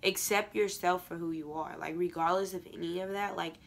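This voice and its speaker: A woman's voice: lowish voice, steady tone, fairly quick, vocal fry, slight background noise. A teenage girl vlogging a casual advice rant to camera, with a stuffy, congested nose, filling every phrase with "like". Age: teens.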